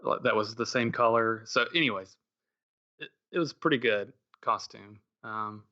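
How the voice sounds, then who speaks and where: A man's voice: lowish voice, normal speed, sharp tone, highs cut off. A middle-aged man co-hosting a podcast, telling a rambling story in casual chat with many fillers and restarts. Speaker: podcast co-host.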